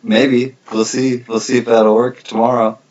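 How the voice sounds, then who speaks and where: A man's voice: mid-range voice, little pitch movement, normal speed, a little mellow, highs cut off. A man hosting a collectibles livestream, chatting casually and reading out viewer comments.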